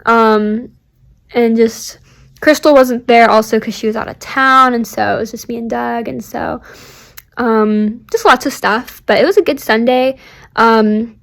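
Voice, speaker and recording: A woman's voice: a little high, steady tone, a little slow, gravelly, a bit bright. A young woman who works at a church talks to her sister in a personal video diary, heartfelt and rambling, with lots of "like" and "um", often dropping close to a whisper. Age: young adult. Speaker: church staff member recording a video diary. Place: at home on a couch.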